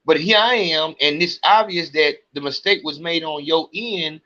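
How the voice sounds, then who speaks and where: A man's voice: a little high, moderate pace, pushed and bright, muffled recording. A podcast host, a man, venting in an agitated, profane rant to his audience. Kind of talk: ranting monologue.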